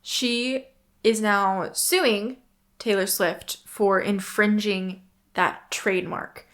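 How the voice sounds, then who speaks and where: A young woman with a light twang talks through her solo podcast episode. She rambles in a friendly, chatty way and keeps backing up to correct herself mid-sentence. Her voice sits at an ordinary middle pitch for a woman. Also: steady tone, slow, a bit bright. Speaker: podcast host. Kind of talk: casual solo podcast chat.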